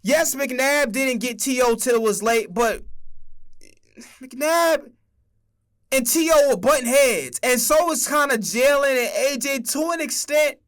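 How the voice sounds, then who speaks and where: Young male streamer, high-pitched and emphatic, profane casual football rant. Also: unhurried, fairly bright tone.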